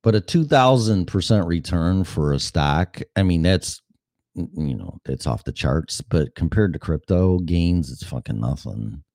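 A man's voice: sits low, lively intonation, unhurried, darkish tone, no room sound, studio quality. A man in his fifties hosting a show, talking in a rambling, profane, blunt way. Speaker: podcast host. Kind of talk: casual monologue.

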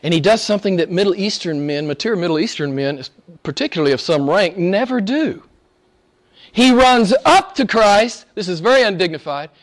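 High-pitched guy pastor preaching, emphatic, loud then hushed. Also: animated, fast talker. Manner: emphatic, swings between loud exclamations and hushed asides. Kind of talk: sermon.

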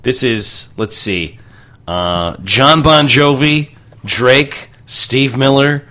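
A man's voice: mid-range voice, drawn-out words, pushed and bright. A man co-hosting a radio show, reading odd news stories aloud in casual, wry banter. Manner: reads news items aloud, wry, loose and rambling.

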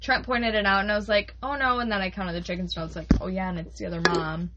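A woman co-hosting a podcast, chatting casually and telling a story with quick laughs. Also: medium pitch, fairly even intonation, lo-fi sound, heavy background noise. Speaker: podcast co-host. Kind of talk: casual chat.

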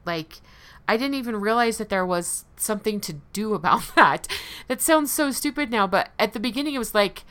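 Candid woman with a bright, smooth voice. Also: on the high side, normal speed. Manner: candid, conversational, laughs lightly at herself. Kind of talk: personal recovery talk to listeners.

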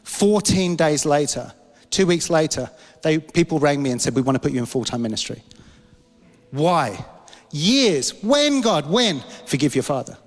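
A man's voice: a little high, sing-song, moderate pace. Emotional preaching man, hall echo. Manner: emotional storytelling, voice rising and dropping. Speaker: pastor. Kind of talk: sermon with personal testimony. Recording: long hall reverb.

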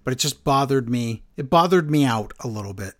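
A man's voice: medium pitch, lively intonation, brisk. A man co-hosting a casual podcast, talking in a sarcastic, joking way. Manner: sarcastic, does mocking impressions. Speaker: podcast co-host. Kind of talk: casual wrestling chat.

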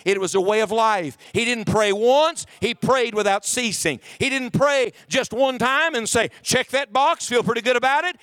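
A male pastor with a high, slightly bright voice preaches to his congregation in a church sanctuary. He reads scripture aloud in King James wording and puts emphatic questions to the room.

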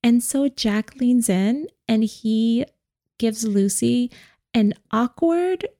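A woman's voice: on the high side, very slow. A woman co-hosting a podcast, chatting casually and laughing often as she retells a movie. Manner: giggly, animated retelling. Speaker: podcast co-host. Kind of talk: casual chat recapping a movie.

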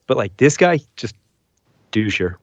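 A man's voice: medium pitch, sing-song, a little slow, dry recording. A man chatting casually on a podcast, loose and blunt, with lots of fillers. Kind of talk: casual chat. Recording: dry, dull lo-fi sound.

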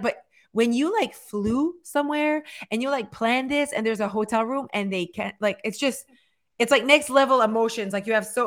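Chatty woman. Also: a little high. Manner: chatty, filler-heavy, animated storytelling. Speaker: podcast co-host. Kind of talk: casual chat.

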